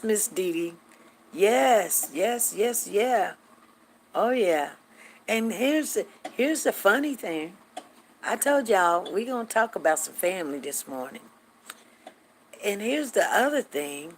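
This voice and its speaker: A middle-aged woman hosting a casual live chat, telling stories in an animated, chatty way and acting out what people said. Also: medium pitch, takes it slowly, pauses often. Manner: chatty, animated, acts out quotes, drawls. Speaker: host greeting live viewers.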